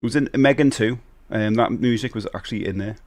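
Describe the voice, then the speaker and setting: A middle-aged man hosts a live stream, chatting and rambling casually while reading out viewer messages, answering them, and greeting people. He has a fairly low voice and talks fast.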